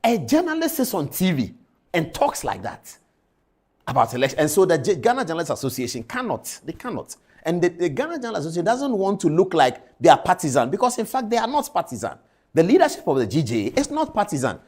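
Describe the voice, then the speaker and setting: A man's voice: a little high, very animated, quick pace, a little mellow, husky. A man speaking as a TV news presenter, delivering impassioned on-air commentary full of indignant, lecturing rhetorical questions.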